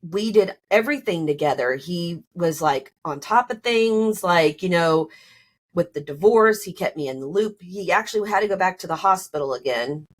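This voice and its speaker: A woman's voice: lowish voice, lively intonation, normal speed. A woman telling her own story on a podcast, casually and animatedly, full of "like" and "you know", acting out both sides of arguments in a rising voice. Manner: many fillers like "like" and "you know".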